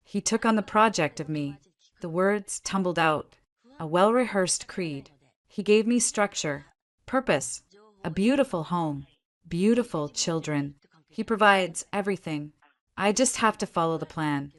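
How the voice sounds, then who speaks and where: Lower-pitched woman narrating a story. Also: unhurried. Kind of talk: first-person story narration.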